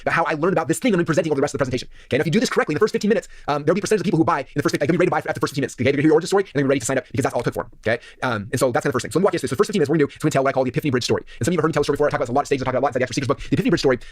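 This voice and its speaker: Man, sales seminar speaker, very fast and bright-pitched, dry close sound, energetic and checking in with the crowd. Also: no room sound. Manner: energetic, keeps checking in with the audience. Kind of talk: seminar presentation.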